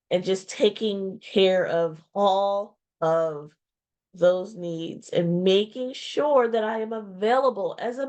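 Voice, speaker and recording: Slow, heartfelt woman talking to camera. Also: mid-range voice. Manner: reflective and heartfelt, with pauses and repeated phrases. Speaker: small business owner and vlogger. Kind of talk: candid personal vlog talk. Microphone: webcam or video-call mic.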